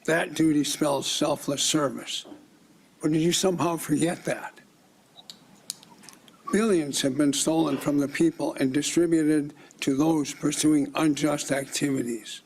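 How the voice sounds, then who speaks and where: A man's voice: on the high side, fairly even intonation, measured pace, creaky, husky. A middle-aged man from Minnesota with a Minnesotan accent, giving formal public testimony in a declamatory, accusing manner.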